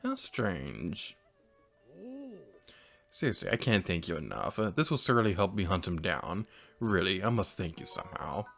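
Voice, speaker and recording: A man voicing a quiet, courteous game traveler. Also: low voice, big pitch swings, normal speed, creaky, pauses often, faint music behind, heavily acted. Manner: courteous, formal, softly spoken. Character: polite male traveler in the game hunting a monster.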